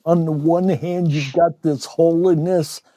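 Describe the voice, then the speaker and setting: A male podcast host asking slow, reflective questions in a conversational interview. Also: on the high side, steady tone, warm tone, dry recording.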